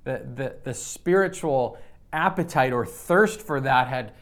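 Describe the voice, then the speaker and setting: A man delivering a sermon in a plain, mid-pitched voice. He talks conversationally, repeating words and restarting sentences as he goes. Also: a little slow. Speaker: pastor.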